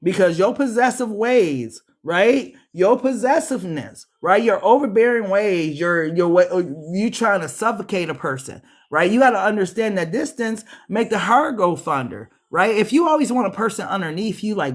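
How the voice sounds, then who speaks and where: Guy w a high voice doing a tarot reading, cussing a lot, calls everyone beloved. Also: normal speed, few pauses. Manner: profane, animated, calls viewers beloved. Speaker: tarot reader. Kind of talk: casual streetwise tarot reading.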